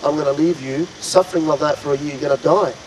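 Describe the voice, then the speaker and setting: A man's voice: on the high side, fairly even intonation, quick pace, slight background noise, lightly acted, rough recording. A man voicing a kindly, indignant protector. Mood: urging. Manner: urgent, appealing.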